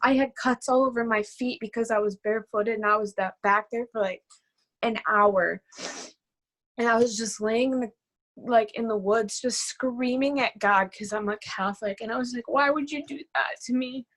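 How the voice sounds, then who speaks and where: A woman's voice: fairly high pitch, fairly even intonation, moderate pace, a bit bright. Young woman, about 19, interview guest, casual chatty delivery, lots of "like". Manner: casual, filler-heavy speech with frequent "like". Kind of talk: personal storytelling interview.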